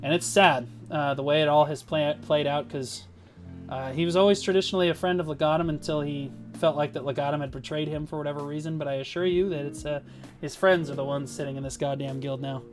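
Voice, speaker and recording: A man's voice: a little high, fairly even intonation, fast, faint music behind. A man talking casually on a livestream as a guild leader, rambling and swearing as he tells boastful stories. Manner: profane, rambling, boastful storytelling.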